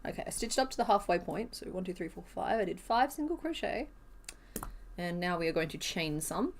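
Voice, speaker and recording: A woman's voice: fairly low pitch, lively intonation, brisk. A woman chatting casually on a crochet live stream, counting stitches half under her breath and laughing easily. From Western Australia.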